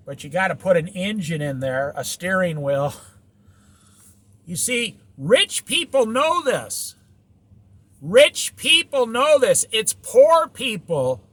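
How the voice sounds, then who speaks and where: An American van-life vlogger with a high, slightly bright voice gives an opinionated, preachy monologue about living simply in a van. He repeats his points and fires off rhetorical questions.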